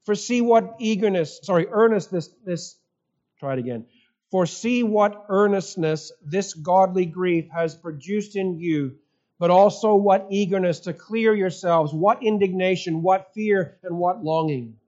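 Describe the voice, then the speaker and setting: A man with a high voice preaches a sermon in an earnest storytelling way. He often sinks into soft, low tones to stress a point. The sound is dull and a little lo-fi. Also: unhurried. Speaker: pastor.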